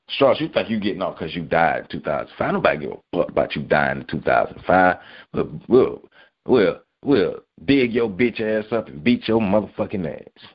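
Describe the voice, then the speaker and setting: A man's voice: low-pitched, slightly rough, highs cut off. A man hosting a podcast, delivering a profane, heated weekly rant. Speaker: podcast host.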